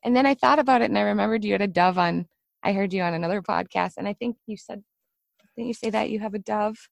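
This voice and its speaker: A woman's voice: mid-range voice, quick pace, vocal fry, no echo. A middle-aged woman hosting a casual podcast conversation. She tells her stories with energy and acts out the voices she quotes. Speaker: podcast host.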